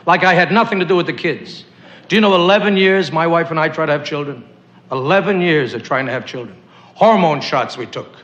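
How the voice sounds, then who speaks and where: A man from the US East doing a stand-up routine on a TV stage, delivering jokes deadpan with quick asides. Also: on the high side, very noisy. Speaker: stand-up comedian. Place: TV studio stage. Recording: muffled old TV audio, echoey studio, loud audience. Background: laughing studio audience.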